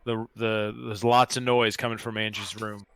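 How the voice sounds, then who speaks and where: A man playing a tabletop game, narrating his character's actions in an animated way. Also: on the low side, moderate pace, smooth, no room sound. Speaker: player.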